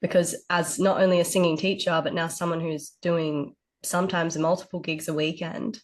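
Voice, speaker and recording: A low-voiced woman co-hosting a podcast, speaking in a flat, even way as she talks about her gigs and singing. Her pitch barely moves, and her speech is relaxed and conversational. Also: moderate pace. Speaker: singer and podcast co-host. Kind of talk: casual podcast chat.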